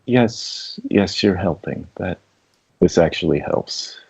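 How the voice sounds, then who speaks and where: Sigwald, a woman voicing a very deep, slow, awkward scholar. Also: lively intonation, vocal fry, darkish tone, slightly rough, muffled recording, heavily acted. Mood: earnest, puzzled. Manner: slow, hesitant, literal-minded. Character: sheltered, bookish adventurer, awkward with people. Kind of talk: tabletop role-play in character.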